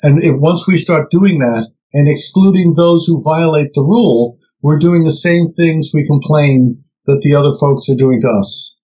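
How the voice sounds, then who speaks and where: A man's voice: a little high, moderate pace, few pauses, dull audio. A man in his seventies, a researcher guest in a conversational interview, telling stories and acting out the voices of people he quotes. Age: 70s. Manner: animated storyteller who acts out quoted voices.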